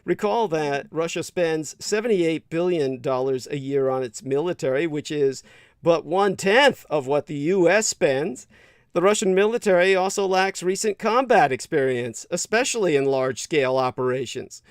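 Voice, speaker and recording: Profane, scornful man with a high voice. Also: expressive, moderate pace, clear, resonant tone, no room sound, clean studio sound. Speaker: livestream host. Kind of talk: commentary reading quotes aloud.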